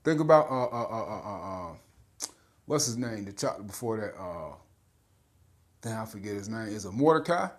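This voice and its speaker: A man's voice: fairly low pitch, animated, moderate pace, pauses often. A man preaching informally, blunt and profane, often stammering on filler sounds and repeating "man" and "all right?". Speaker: street preacher.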